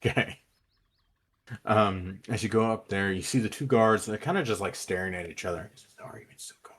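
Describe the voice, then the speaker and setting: A man narrating as game master, relaxed and hesitant, with many fillers. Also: fairly low pitch, brisk, a little hiss or hum.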